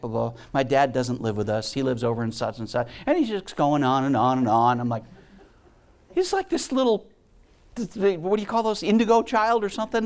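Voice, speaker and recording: A man giving a heartfelt storytelling talk to a spiritual community, acting out the voices of people in his stories. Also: on the high side. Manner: animated storyteller, acts out voices. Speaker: guest speaker and musician.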